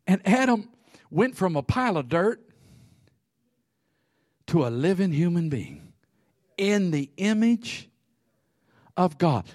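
Slow and high-voiced, this preacher pauses often while spinning funny stories into his sermon. There's no room sound, just clean studio audio. He stays animated throughout, laughing often and calling out to the congregation.

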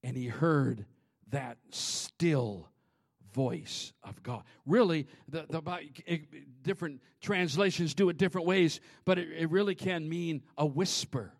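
Man, high voice, sermon in a church, hushed whispers to loud shouts. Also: unhurried, gravelly. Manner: animated preaching, swings from hushed whispers to shouts. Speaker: pastor. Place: church sanctuary.

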